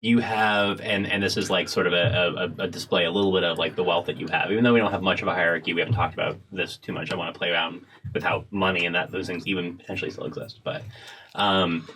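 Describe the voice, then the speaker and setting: A low-pitched man leads a tabletop world-building session as game master, musing aloud, pausing often and circling back with fillers. A faint hiss sits under his voice. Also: fairly even intonation, sharp tone. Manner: rambling, hesitant, many fillers.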